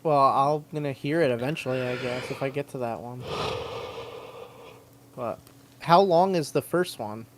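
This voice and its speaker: A man's voice: mid-range voice, normal speed, long pauses, slight background noise. Man co-hosting a gaming stream, rambling, hesitant, restarting sentences, mid-range voice. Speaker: podcast co-host. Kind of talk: casual livestream chat.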